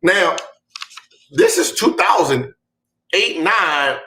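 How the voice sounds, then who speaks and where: A man hosting a podcast, telling a comic story with bursts of laughter, shouted punchlines and mouthed sound effects. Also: sits high, very animated, very slow, reverberant. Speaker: podcast host. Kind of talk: comedic storytelling.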